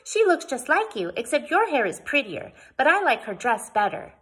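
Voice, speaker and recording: A woman reading aloud and voicing an excited, chattering little girl who speaks proudly and bluntly. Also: high voice, normal speed, breathy edge, pitched above the performer's own voice, heavily acted. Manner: eager, breathless chatter.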